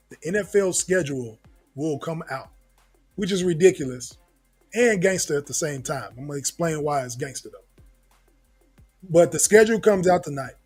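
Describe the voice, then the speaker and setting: Animated man hosting a sports podcast. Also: on the high side, slightly rough. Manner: animated, laughs often, slangy. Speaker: podcast host. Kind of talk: casual sports talk.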